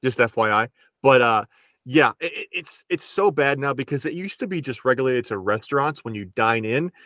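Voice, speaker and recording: A man's voice: mid-range voice, animated, normal speed, a bit bright, no room sound, clean studio sound. A young man co-hosting a casual podcast, telling a story in a rambling way and stumbling over his words. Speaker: podcast co-host. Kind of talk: casual chat.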